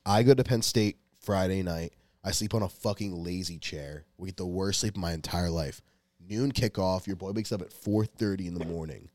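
A man's voice: low-pitched, normal speed, a little mellow, dry recording. Profane young man rambling a story. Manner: rambling, profane, restarts often. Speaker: podcast co-host. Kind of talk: casual storytelling.

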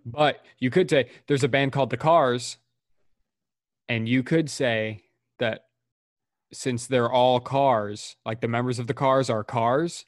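A young man co-hosting a podcast, spinning absurd logic in a deadpan way in casual chat. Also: mid-range voice, takes it slowly, no echo, clean studio sound. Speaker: podcast co-host.

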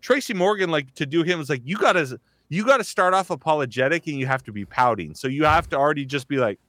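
A man with a slightly high voice rambles through a casual conversation, leaning on filler words and restarting his sentences. The recording is dry and close. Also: expressive, fast, bright, forceful tone, dry recording. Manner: rambling, heavy use of "like", restarts. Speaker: host, voice actor. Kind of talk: casual chat.

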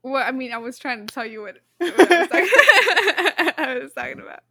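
A woman's voice: high-pitched, big pitch swings, normal speed, bright, forceful tone. A woman co-hosting a casual podcast chat, rambling with fillers and restarts and laughing easily. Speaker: podcast co-host reading the quiz.

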